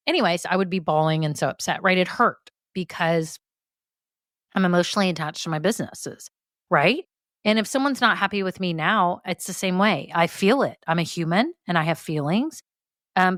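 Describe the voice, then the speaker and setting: A woman's voice: on the low side, fairly bright tone, no echo. Chatty woman podcaster, dry sound. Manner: chatty, candid, lots of fillers and tag questions. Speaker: podcast host. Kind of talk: solo business podcast talk.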